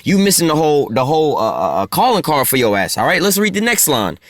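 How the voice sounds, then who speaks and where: A man preaching a profane street sermon, tacking "man" onto his phrases and slowing down to read scripture. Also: fairly high pitch, huge pitch swings, dry recording, clean studio sound. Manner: heavy cursing slang, ends phrases with "man"; reads scripture slowly, stalls on filler sounds.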